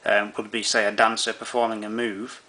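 Talking at normal speed in a lowish, flat, sharp-toned voice, a man walks viewers through camera menu settings step by step. His relaxed tutorial is sprinkled with fillers and restarted sentences.

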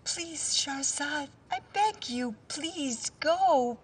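A frightened, hurried woman. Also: sits high, expressive, recorded from a distance, heavily acted. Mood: hushed urgent. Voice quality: urgent, hushed pleading.

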